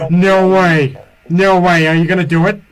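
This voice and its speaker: Brash, foul-mouthed cartoon father done by a man as an impression, voice pitched a little high. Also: expressive, moderate pace, fairly bright tone. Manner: brash, profane, jokey. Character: male cartoon dad, loud and crude. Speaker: online video chat prankster. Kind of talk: voice impression on video chat.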